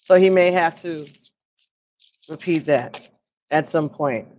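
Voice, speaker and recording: A woman giving an oracle card reading on a livestream, musing slowly and pausing as if listening for messages. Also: low-pitched, darkish tone, muffled recording. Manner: slow, musing, pauses to listen.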